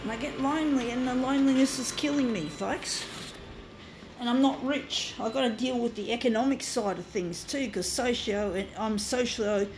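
A woman's voice: a little high, fairly even intonation, normal speed, noisy background. An Australian woman in her fifties talks in a rambling monologue, often stumbling, correcting herself and swearing. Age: 50s. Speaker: artist. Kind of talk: rambling monologue to camera while designing a graphic.

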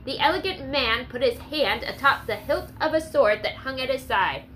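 A woman narrating a historical story aloud in an expressive storytelling manner. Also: sits high, moderate pace, a little hiss or hum, rough recording. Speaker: audiobook narrator. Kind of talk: scripted narration.

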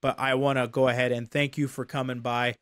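A man's voice: mid-range voice, flat delivery, fairly quick, a bit bright, clear, resonant tone, dry recording. A young man hosting a casual streamed talk show, laughing often and repeating his words.

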